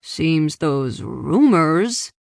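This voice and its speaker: A stern, commanding father in his fifties, as a woman narrator voices him, clipped and measured. The voice sits low and slow, close and dry with no room around it. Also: animated, no room sound. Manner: measured, authoritative, curt.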